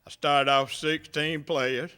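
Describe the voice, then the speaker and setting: A man's voice: on the high side, steady tone, slow pace, sharp tone, clear, resonant tone. Folksy older Southern man telling stories. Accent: Southern US, rural Gulf Coast area. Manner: folksy, humorous storytelling. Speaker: hall of fame inductee. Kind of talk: banquet acceptance speech.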